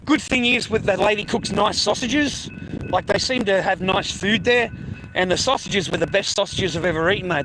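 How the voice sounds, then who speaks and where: A man's voice: high-pitched, background noise. A middle-aged Australian man vlogging in a profane, rambling, blokey way and laughing often. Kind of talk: casual rambling monologue.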